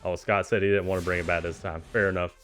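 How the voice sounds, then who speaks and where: Excitable man calling a card tournament. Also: sits low, fast, faint music behind. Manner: excitable, chuckles often, cheers players on. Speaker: commentator of a simulated card game tournament. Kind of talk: casual play-by-play commentary.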